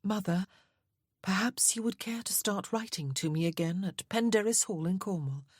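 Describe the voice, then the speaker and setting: A reserved, tender mature woman, voiced by a woman reading aloud. She speaks hesitantly and softly, with a breathy husk. The recording is dry and close. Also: mid-range voice, moderate pace, no echo, voice pushed up, close to an everyday voice. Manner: hesitant, soft.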